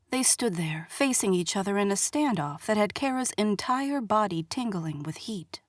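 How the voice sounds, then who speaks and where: A woman reading a romance novel aloud as audiobook narrator, measured and expressive, on a studio mic. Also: mid-range voice, no room sound. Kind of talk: scripted narration.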